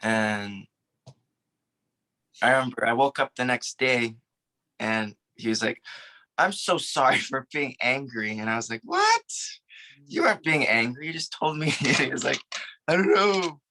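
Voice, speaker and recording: A man's voice: mid-range voice, normal speed, bright, forceful tone, poor audio. A young man hesitantly telling a family story, acting out what was said. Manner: hesitant, acts out quotes. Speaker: grandson sharing a story. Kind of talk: casual storytelling.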